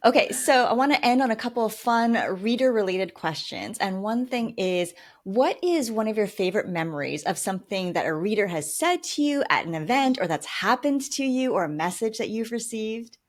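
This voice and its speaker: A woman's voice: on the high side, animated, normal speed, few pauses. A woman hosting a podcast interview, encouraging as she asks her guest questions. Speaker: podcast host. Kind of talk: conversational interview.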